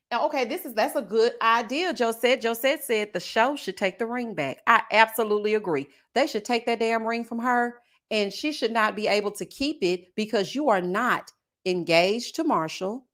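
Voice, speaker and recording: A woman hosting a live review of a reality show, sassy and expressive, talking straight to her viewers. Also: fairly high pitch.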